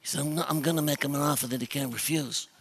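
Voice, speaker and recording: A gravelly old mafia don murmurs low and husky, as a preacher puts him on, calm and menacing. The raspy voice carries a little echo from a big hall. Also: male voice, quick pace. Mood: quiet menace.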